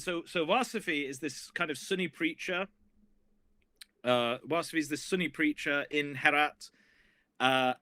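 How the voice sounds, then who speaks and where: A man who is a guest historian, telling a story in a casual, animated way that rambles with many restarts. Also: on the high side.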